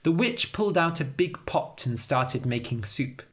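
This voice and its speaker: A woman narrating a story for English learners as a scripted read-aloud, with an expressive, lively delivery. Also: sits low, measured pace.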